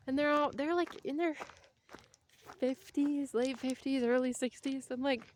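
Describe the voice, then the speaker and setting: This thirty-something vlogger has a high voice and speaks slowly with long pauses, rambling casually and drifting onto tangents. She's slightly out of breath as she walks on a street outdoors.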